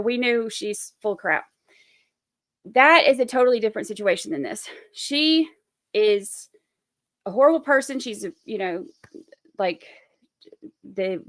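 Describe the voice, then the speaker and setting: A woman's voice: mid-range voice, a bit bright, no echo, clean studio sound. A woman hosting casual live-stream commentary on a trial, rambling with many fillers and restarts.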